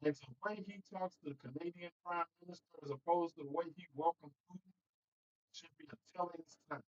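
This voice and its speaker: A man hosting a casual political livestream, talking straight to his viewers in an animated way and laughing between points. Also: fairly high pitch, fast, muffled recording. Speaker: host.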